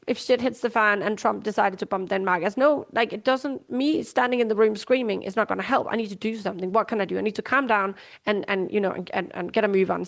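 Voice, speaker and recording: A woman's voice: mid-range voice, gravelly. A woman hosting a life coaching podcast from home, talking casually and acting out little voices as she explains. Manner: chatty, acts out little voices, swears casually. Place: at home, sitting down.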